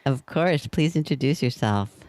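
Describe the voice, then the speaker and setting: A woman's voice: extremely low pitch, lively intonation, normal speed, a little mellow. A woman hosting a podcast, chatting loosely with a guest and rephrasing as she goes. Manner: chatty, free-associating, loose phrasing with restarts. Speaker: podcast host. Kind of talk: casual podcast interview. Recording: dry close sound.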